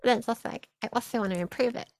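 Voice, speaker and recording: A woman's voice: on the high side, racing, darkish tone, no room sound, rough recording. A young woman, an audio creator, answering interview questions casually, upbeat, with frequent laughs and lots of "like". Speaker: audio content creator, guest.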